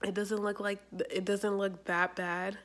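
A young adult woman chatting casually in a vlog, rambling and animated, with lots of fillers. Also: medium pitch, a little slow. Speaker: YouTuber.

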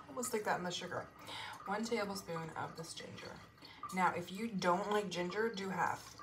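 A young adult woman chatting enthusiastically to viewers as she walks through a home baking recipe in her kitchen. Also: on the low side. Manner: chatty, enthusiastic, talks to viewers while working. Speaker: home cooking vlogger. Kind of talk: casual cooking tutorial. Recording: kitchen clatter and appliance noise.

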